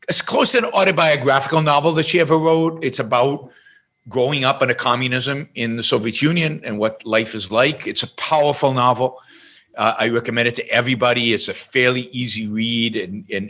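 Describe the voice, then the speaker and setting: Bright-voiced man telling a story emphatically. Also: medium pitch. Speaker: podcast guest. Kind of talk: storytelling in a podcast interview.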